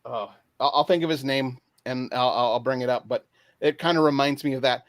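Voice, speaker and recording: A man's voice: mid-range voice, fairly quick, no echo. A man from Canada, a guest on a casual online panel chat, talking hesitantly with many fillers and restarts. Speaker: guest picking favorite films.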